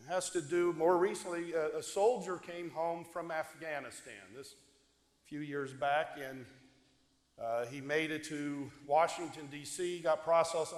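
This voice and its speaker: Male deacon, conversational homily, asks the pews questions, long church reverb. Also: fairly high pitch. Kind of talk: homily, storytelling. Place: church sanctuary. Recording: echoey church hall.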